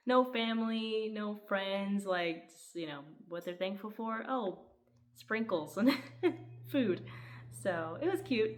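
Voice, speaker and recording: A woman's voice: on the low side, low-quality recording. Chatty woman reviewing books. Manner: chatty, laughs often, animated quoting. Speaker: book reviewer. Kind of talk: casual book review chat.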